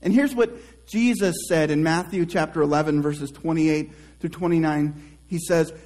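A male pastor preaching a sermon, reflective and conversational, trailing off softly at the ends of phrases and restarting himself in casual asides. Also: on the high side, poor audio. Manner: slow, reflective preaching with drawn-out soft phrase endings.

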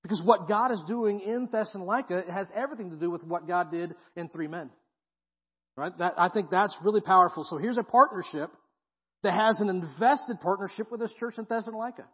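A high-pitched man preaches a sermon in a church sanctuary, his husky voice carrying a long hall reverb. He talks in a casual, slangy way and keeps checking in with the congregation. The sound is dull and muffled. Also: brisk, fairly bright tone. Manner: casual, slangy preaching with frequent "right?" asides. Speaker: guest pastor.

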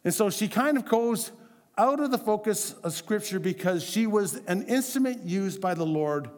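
A pastor delivering a sermon in a high voice for a man. He speaks conversationally and often turns to the congregation with questions. His voice carries a long reverb from a large church hall. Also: expressive, moderate pace.

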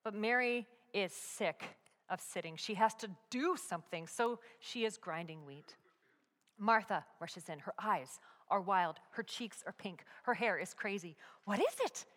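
A woman narrating a dramatic story, moving from hushed whispers to loud, urgent peaks. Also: medium pitch, unhurried. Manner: expressive, swings from hushed whispers to loud climaxes. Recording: long hall reverb.

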